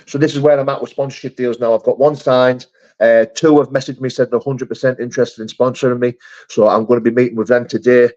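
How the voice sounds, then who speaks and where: A man's voice: mid-range voice, flat delivery, fast, darkish tone. A man hosting a casual live chat, reading viewer comments in a matey, chummy way. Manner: chatty, matey, calls viewers mate and brother. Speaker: live stream host. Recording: dull lo-fi stream audio.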